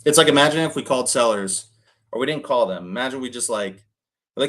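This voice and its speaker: A young man coaching cold callers in loose, casual talk. He rambles through plenty of fillers and acts out little snippets of conversation. His voice sits at an ordinary middle pitch. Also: animated, fairly quick, fairly bright tone. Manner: rambling, heavy on fillers and quoted dialogue.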